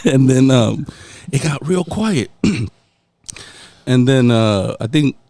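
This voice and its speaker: A young man hosting a casual podcast, telling a loud, profane story and laughing through it. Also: medium pitch, expressive, slow pace, vocal fry, no room sound. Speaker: podcast host. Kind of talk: casual chat.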